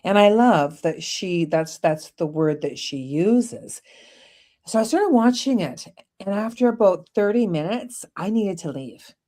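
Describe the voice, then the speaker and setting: A woman's voice: mid-range voice, lively intonation, unhurried, mellow. A middle-aged woman co-hosting a podcast, telling personal stories in a candid, blunt way with the occasional swear word. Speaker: podcast co-host. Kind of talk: casual conversation.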